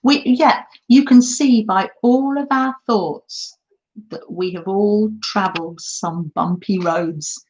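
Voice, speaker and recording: A woman's voice: medium pitch, slow, a little mellow. Chatty middle-aged woman on dull laptop audio. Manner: chatty, reads viewer comments aloud, laughs often. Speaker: craft live stream host. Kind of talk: casual live stream chat. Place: holiday home, indoors at a craft table. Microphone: laptop mic.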